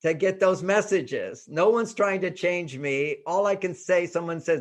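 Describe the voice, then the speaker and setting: A man with a somewhat high voice, talking casually as a guest author. He is animated, laughs often, and acts out bits of dialogue as he explains. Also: measured pace, few pauses. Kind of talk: casual interview talk.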